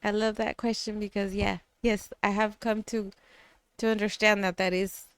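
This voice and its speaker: A woman's voice: mid-range voice, level tone, moderate pace, clean tone, no echo. A woman guest on a podcast, a chatty storyteller who laughs often and slips into Spanish phrases. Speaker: guest artist and business owner. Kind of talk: casual podcast interview.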